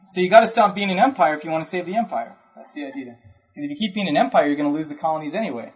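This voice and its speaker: On a dull lo-fi recording, a man with a voice on the high side races through an animated, informal history lecture. He talks conversationally, keeps asking "right?" to check in, and acts out historical figures in quick asides.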